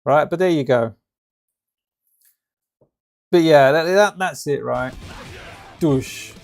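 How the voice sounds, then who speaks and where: A man's voice: on the high side, slow pace, creaky, darkish tone, soft background music. A man hosting a live stream, rambling and ranting about a game trailer in casual reaction commentary. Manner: rambling, ranty, lots of restarts and fillers.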